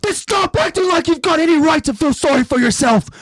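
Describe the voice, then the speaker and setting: A man's voice: fairly low pitch, takes it slowly, slightly rough, no echo, full character voice. A man voicing a furious, bitter young male soldier who accuses and screams at former comrades. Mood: screaming. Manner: shouting, accusing, rising to a scream.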